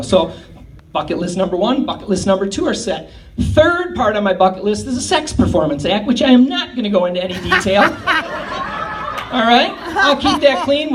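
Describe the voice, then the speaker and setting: A man in his fifties doing a rambling, crude, self-mocking stand-up comedy set. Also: high voice. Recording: distant mic, noisy live room.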